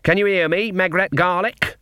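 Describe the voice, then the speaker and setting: A man's voice: high-pitched, steady tone, moderate pace, clean tone, no echo, clean studio sound, pitched above the performer's own voice. A man voicing a stern, commanding older witch who speaks bluntly in country grammar. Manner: loud, clipped, dialect grammar.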